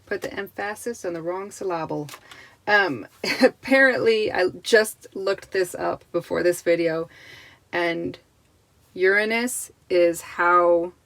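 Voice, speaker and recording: A woman gives a tarot card reading straight to the camera in a relaxed, chatty way. Her voice sits a little low, and she reassures the viewer as she lays out each card. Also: measured pace, vocal fry, no echo, low-quality recording. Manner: chatty and reassuring, with restarts and laughs.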